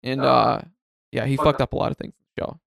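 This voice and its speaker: A young man co-hosts a casual podcast with a gravelly, mid-pitched voice. He talks in a wry, laid-back way and laughs often. The recording is dry and close. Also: fairly quick, fairly bright tone, dry recording. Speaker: podcast co-host. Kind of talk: casual chat.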